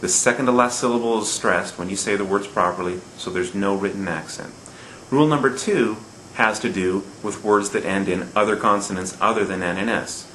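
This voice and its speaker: A man's voice: fairly low pitch, fairly quick, few pauses, fairly bright tone, reverberant, a little hiss or hum, poor audio. A man teaching a lesson on Spanish word stress, patiently repeating each rule and often checking in with his listeners. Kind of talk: recorded classroom lesson.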